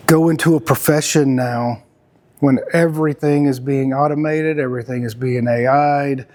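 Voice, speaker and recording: Guy, middle-aged, gravelly and kinda high, earnest rambly podcast talk with lots of restarts. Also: darkish tone. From Texas. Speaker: podcast host. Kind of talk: casual conversational talk.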